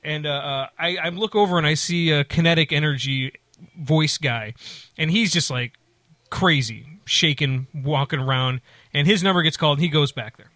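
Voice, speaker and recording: Bright-voiced man telling a rambling story. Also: on the high side, normal speed, no room sound. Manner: rambling, animated, many restarts and acted-out quotes. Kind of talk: casual storytelling chat.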